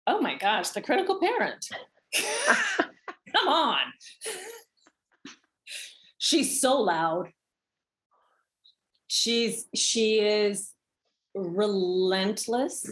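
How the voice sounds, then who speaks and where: A woman's voice: medium pitch, animated, extremely slow, long pauses, fairly bright tone. A woman guest in an interview, talking thoughtfully about her work as an actor. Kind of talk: conversational interview.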